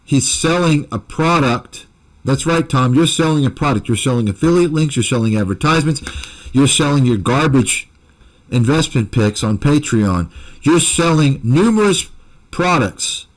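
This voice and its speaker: A man's voice: medium pitch, animated, a little slow, poor audio. A man hosting a commentary channel, delivering a combative, accusatory rant to his viewers that is full of repeated insults.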